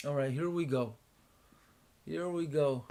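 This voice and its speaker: Slow, unhurried man muttering to himself. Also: fairly high pitch, warm tone. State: sleepy, yawning. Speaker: day trader streaming a live trading room. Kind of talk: casual thinking aloud while trading.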